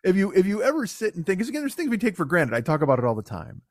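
A man with a fairly high voice riffs through a comedic podcast monologue. He rambles, swears freely and stays animated. The sound is close and dry, with no room in it. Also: very fast, no room sound. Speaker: podcast host.

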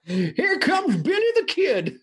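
Casting: man putting on a wild old prospector, high cackling Western drawl. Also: wildly swooping pitch, slow pace, fairly bright tone, heavily acted. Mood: excited. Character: crazy old male gold prospector, dusty and wild.

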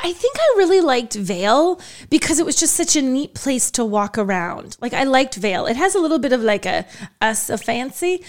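A woman with a high, bright-pitched voice chats casually as a podcast co-host. She tells her stories with animation, laughs often, and slips into other people's voices to act them out. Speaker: podcast co-host, car journalist. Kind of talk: casual chat.

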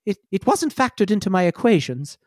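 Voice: medium pitch, sing-song, fairly quick, no room sound, studio quality. A game master voicing a polite, earnest spider-legged research robot that talks formally and hesitantly.

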